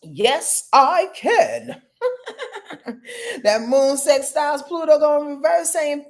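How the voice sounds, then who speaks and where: A woman hosting a casual live-stream astrology reading, expressive and chatty, speaking straight to her viewers. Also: high-pitched, takes it slowly, creaky, pauses often. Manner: expressive, talks straight to viewers, greets chat by name.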